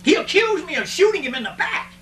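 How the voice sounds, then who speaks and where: A man telling a first-person western story in an animated, repetitive, drawling way, recorded in an echoey room away from the mic with a faint hum. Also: extremely high pitch, fast, recorded from a distance.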